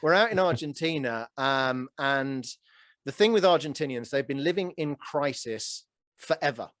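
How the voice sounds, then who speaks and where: A man in his early forties hosting a casual interview, telling stories with animated energy and a self-deprecating chuckle. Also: medium pitch, moderate pace, no echo, studio quality. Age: 40s. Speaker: podcast host.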